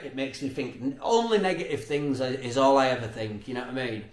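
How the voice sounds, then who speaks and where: A man's voice: mid-range voice, fairly quick, echoey room. A man telling everyday stories in a rambling casual monologue, swearing, laughing often and asking "you know what I mean". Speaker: podcast host.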